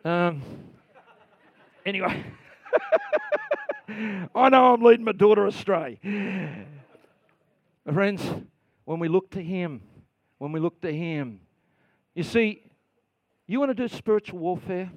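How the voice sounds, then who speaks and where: A middle-aged man preaching a sermon, telling stories that swing from quiet asides to loud bursts. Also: high voice, lively intonation, slow, pauses often, dry recording. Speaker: pastor.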